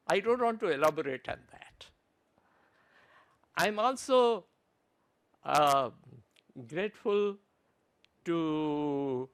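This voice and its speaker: Guy giving a conference talk, high lively voice, halting, keeps restarting his sentences. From Pakistan. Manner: earnest, halting, restarts phrases often. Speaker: conference presenter.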